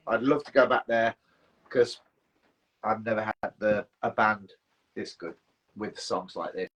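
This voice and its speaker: Husky frontman telling rambling stories. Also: low-pitched, fairly bright tone, rough recording. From England. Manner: rambling storyteller, self-mocking, swears freely. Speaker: band frontman. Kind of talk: casual chat on a livestream.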